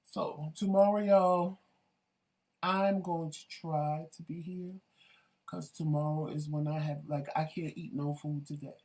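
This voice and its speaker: A man's voice: on the high side, unhurried. Chatty, laughing male talk show host. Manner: chatty and animated, laughs often. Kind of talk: casual chat.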